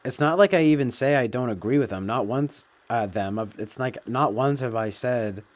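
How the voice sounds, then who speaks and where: Casual man riffing off the cuff, plenty of cursing and filler, mid-pitched voice. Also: normal speed. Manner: profane, meandering, filler-heavy. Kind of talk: casual rambling commentary.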